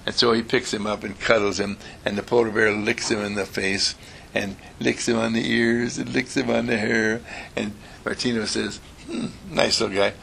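A man telling an animated, playful bedtime story to children, often clearing his throat. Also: lowish voice, moderate pace, a little hiss or hum.

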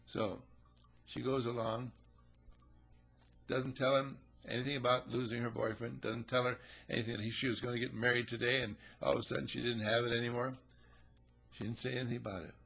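A man with a gravelly, husky voice telling a folksy, chatty parable to listeners. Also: medium pitch, level tone, fairly quick, a bit bright. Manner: folksy, chatty, acts out characters. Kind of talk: conversational storytelling talk.

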